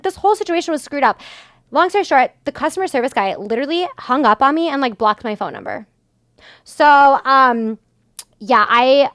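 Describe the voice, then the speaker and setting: High-voiced woman podcast host. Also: dry recording, studio quality. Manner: exasperated, animated retelling with many "like" fillers. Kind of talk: casual storytelling monologue.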